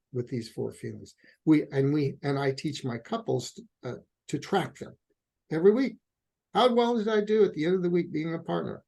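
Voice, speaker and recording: A middle-aged man speaks as a couples therapist in a relaxed interview, his voice gravelly and a little husky. He is a lively storyteller who slips into the voices of the people he quotes. His tone sits on the darker, mellow side. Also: fairly high pitch. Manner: animated storyteller, acts out quotes. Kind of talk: conversational interview answer.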